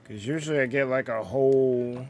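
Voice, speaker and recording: A man's voice: mid-range voice, normal speed. A man streaming a game, chatting casually with many fillers and restarts. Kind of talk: casual gaming stream chat.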